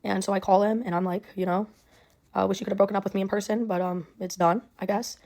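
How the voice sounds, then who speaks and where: A woman's voice: medium pitch, fairly even intonation, quick pace, darkish tone. A young woman telling a personal story in a rambling way, full of "like" and "um". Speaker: storyteller in a clip.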